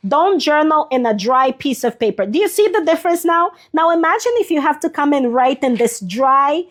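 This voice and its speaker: A woman's voice: high-pitched, animated, normal speed. A woman hosting a live journaling stream, chatting casually as she shows her pages and answers viewers by name, a little sniffly. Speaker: journaling livestream host. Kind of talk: casual live craft demonstration.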